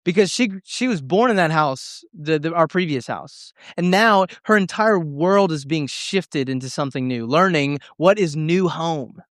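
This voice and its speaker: Young male youth pastor, earnest and emotional sermon, fairly high voice, dry sound. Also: expressive, a little slow, few pauses, dry recording. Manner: earnest, emotional storytelling with many restarts.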